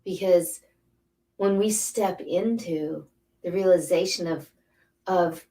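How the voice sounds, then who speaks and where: Speaking slowly with long pauses, a middle-aged woman uses a lowish, warm voice for a casual motivational talk. She is a spiritual coach and angel card reader whose emphatic delivery roams from thought to thought, with phrases repeated for weight. She is recorded a bit far from the mic.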